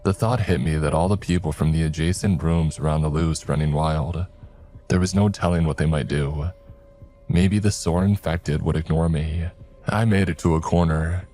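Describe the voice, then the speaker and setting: A man narrating a first-person horror story in a measured, low-key way. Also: a little mellow.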